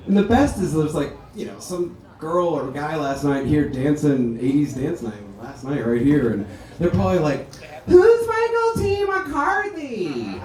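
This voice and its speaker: A man, the son of the deceased, giving a memorial speech in a ballroom, telling chatty, animated anecdotes. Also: a little high, moderate pace, crowd noise. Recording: echoey hall, speaker heard from a distance.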